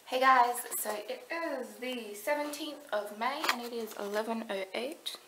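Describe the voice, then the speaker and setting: A woman's voice: a little high, moderate pace, heavy background noise. A young woman chatting casually to camera in a vlog diary, rambling and gushing. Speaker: vlogger. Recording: echoey room with faint ambience.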